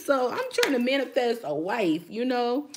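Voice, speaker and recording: A woman's voice: on the high side, sing-song, measured pace, noisy background. A woman hosting a live chat with her viewers, talking frankly and emphatically straight to them.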